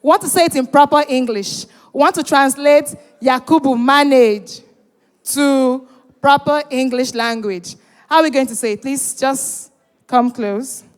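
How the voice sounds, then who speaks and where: Her voice high and smooth and her pace measured, a woman emcees a live event in a big echoing hall. She teases and jokes with the crowd in an animated way, pressing them to take part.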